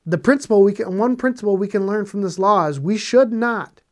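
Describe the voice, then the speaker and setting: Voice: mid-range voice, brisk. A Bible teacher delivers a sermon with emphatic, conversational preaching. Points are hammered home by repeating phrases, and rhetorical questions are posed to the listeners. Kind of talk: preaching on scripture.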